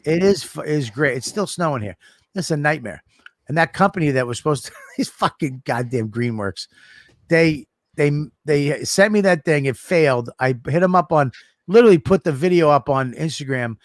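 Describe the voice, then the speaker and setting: A middle-aged man co-hosting a podcast, telling animated, profane stories in casual chat. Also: on the high side, moderate pace, dry recording, studio quality. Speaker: podcast co-host.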